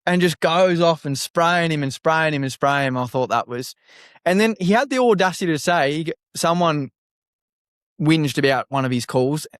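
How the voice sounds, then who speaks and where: An Australian man co-hosting a podcast, telling an animated story, swearing and laughing often. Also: on the high side, moderate pace, smooth, no room sound, studio quality. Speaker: podcast co-host. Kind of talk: casual chat.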